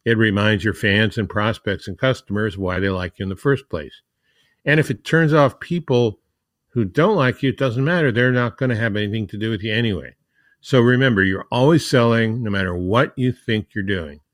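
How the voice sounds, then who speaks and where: Man, podcast host, lowish voice, conversational, dry close sound. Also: moderate pace, no echo. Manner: explains points in a numbered list, reads quotes aloud. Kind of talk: conversational podcast talk on marketing.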